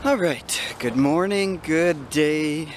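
A man's voice: fairly high pitch, slow. Rambling older man vlogging outdoors. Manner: rambling, chatty, sidetracked. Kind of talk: casual vlog narration. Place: outdoors in a city street. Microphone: handheld camera. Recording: noisy outdoor camera audio.

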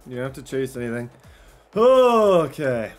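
A young man giving excited commentary on his own video game, shouting at big plays and repeating himself. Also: medium pitch, unhurried, soft background music.

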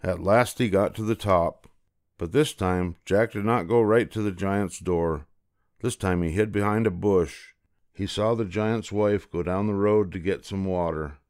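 An older man reads a children's fairy tale aloud at a gentle, unhurried pace. His voice is deep and low. It is recorded on a close mic in a dry, dead-sounding space. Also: clear, resonant tone, dry recording. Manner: slow, gentle, repetitive storytelling. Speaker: storyteller.

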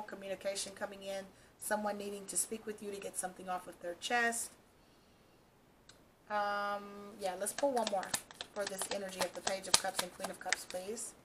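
A woman gives a casual tarot reading to her viewers and talks to them directly. She sounds reassuring and keeps checking in with "okay" and "all right." Her voice sits at an ordinary middle pitch, with a faint hiss in the background. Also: fairly bright tone. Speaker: tarot reader.

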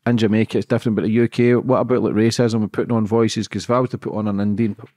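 A man's voice: fairly low pitch, steady tone, racing, warm tone, no echo, clean studio sound. A man hosting a podcast, asking questions casually and bluntly, swearing freely. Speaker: podcast host. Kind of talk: podcast interview.

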